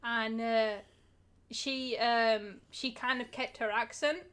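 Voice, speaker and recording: Chatty Englishwoman, slightly high voice. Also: fairly even intonation, slow, fairly bright tone, clean tone. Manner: chatty, many fillers, laughs easily. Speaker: podcast co-host. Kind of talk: casual chat.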